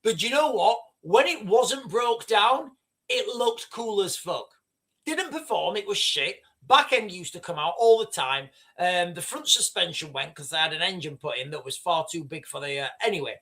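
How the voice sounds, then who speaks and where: A middle-aged man holds forth on his livestream in a loose, profane, rambling way. His voice swoops animatedly between high and low as he drives his points home. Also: lively intonation, moderate pace, sharp tone. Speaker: livestream host. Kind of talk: casual ranting commentary.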